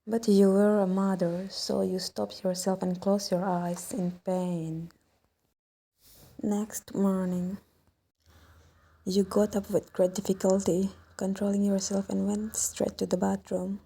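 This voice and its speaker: Dark, gravelly woman reading a story. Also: medium pitch. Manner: slow, soft, at times whispered. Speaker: fan fiction narrator. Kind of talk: scripted second-person story narration.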